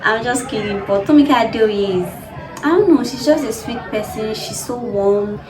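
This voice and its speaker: A woman's voice: fairly high pitch, expressive, normal speed, over music. A young woman in her twenties with a Nigerian English accent, telling stories in a chatty, laughing vlog. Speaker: vlogger. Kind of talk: casual storytelling vlog. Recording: echoey room with crowd noise behind.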